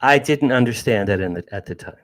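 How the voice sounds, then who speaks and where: Expressive and a little fast, this man's mid-range voice carries a casual story. He's a New Jersey author in his sixties, appearing as a guest, animated in the telling and prone to restarting and repeating words.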